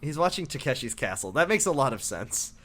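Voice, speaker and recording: A man's voice: mid-range voice, sing-song, fairly quick, fairly bright tone. A man co-hosting a casual podcast, recapping a game and acting out characters' lines in silly voices. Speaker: podcast co-host.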